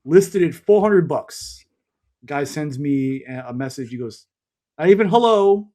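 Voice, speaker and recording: A man on a comics panel telling a story in a relaxed, matter-of-fact way. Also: mid-range voice, a little slow. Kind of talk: casual podcast chat.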